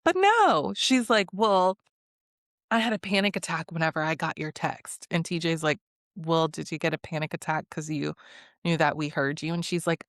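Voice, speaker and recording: A woman's voice: sits low, moderate pace, no echo, clean studio sound. A woman hosting a podcast, chatting casually and acting out other people's lines with swearing and bursts of laughter. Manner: animated, acts out quotes with swearing and laughter. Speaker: podcast host. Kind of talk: casual reality TV recap chat.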